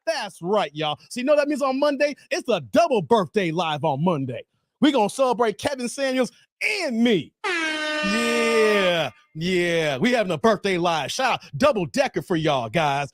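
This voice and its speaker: A man, hosting a casual livestream and chatting hyped with viewers, laughing and shouting them out. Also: high-pitched, sing-song, moderate pace, no echo, clean studio sound. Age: 40s. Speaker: livestream host. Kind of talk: casual livestream chat reading viewer comments.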